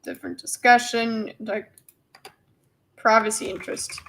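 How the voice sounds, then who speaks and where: A South African woman streams casual commentary on a debate. Her voice sits a bit high, and her delivery rambles, playful and quick to giggle. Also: little pitch movement, fairly bright tone, slight background noise, poor audio.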